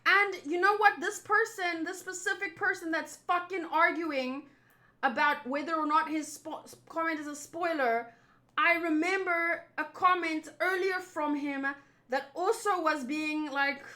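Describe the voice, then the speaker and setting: Young female streamer, high and bright, frustrated casual rant. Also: unhurried. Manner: frustrated, swearing, rambling. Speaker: streamer and host. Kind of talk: casual venting to viewers.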